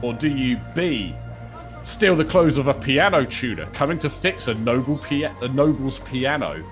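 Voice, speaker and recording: A man's voice: medium pitch, lively intonation, moderate pace, faint music behind. A man hosting a podcast, playfully narrating a choose-your-path game scenario. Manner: playful, chatty storyteller. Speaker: podcast host and game master.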